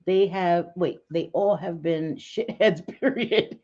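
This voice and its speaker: A woman hosting a casual livestream chat, talking bluntly and excitably, cursing and laughing often. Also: fairly low pitch, takes it slowly, lo-fi sound. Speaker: livestream host.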